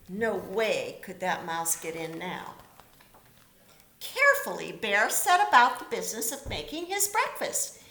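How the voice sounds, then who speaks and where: A woman teacher reading a picture book aloud to children, expressive and pausing to comment on the pictures. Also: a little high, reverberant.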